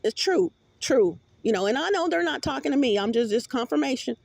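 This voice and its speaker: A woman's voice: sits high, expressive, brisk, gravelly, a little mellow, no room sound. A woman vlogger in a rambling, profane monologue with many restarts, recorded on a phone.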